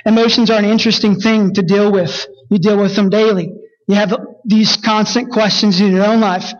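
A man's voice: little pitch movement, muffled recording. A man preaching a sermon, reading scripture and rising sharply when he rebukes. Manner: preaching, rises high and fast when rebuking. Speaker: pastor.

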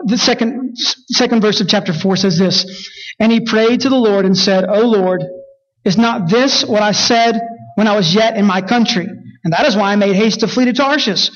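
A man preaching a sermon, reading scripture and rising sharply when he rebukes. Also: muffled recording. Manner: preaching, rises high and fast when rebuking. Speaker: pastor.

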